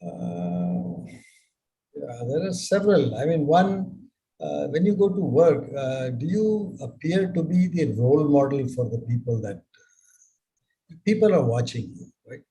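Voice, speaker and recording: An older man giving business advice in a live mentorship session, speaking in a measured way with many rhetorical questions. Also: a little high, big pitch swings, mellow, poor audio.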